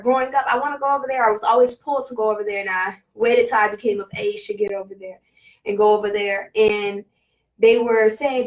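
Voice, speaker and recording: A woman vlogger telling a personal spiritual story in a casual, halting way, full of fillers and emotion. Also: a little high, far from the mic, poor audio.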